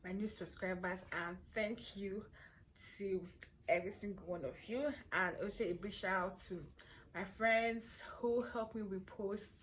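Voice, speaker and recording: A young woman with a Nigerian accent chatting playfully to camera as a vlogger, hoarse from a cold and sore throat. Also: medium pitch, fairly even intonation, a little slow, slight background noise. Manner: chatty, playful and self-assured. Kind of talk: casual chat to camera.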